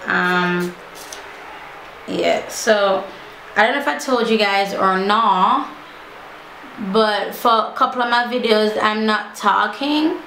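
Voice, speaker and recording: A woman's voice: medium pitch, fairly bright tone, roomy sound, a little hiss or hum. A young woman with a Jamaican accent, chatting casually through a makeup tutorial and slipping playfully into patois. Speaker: makeup vlogger.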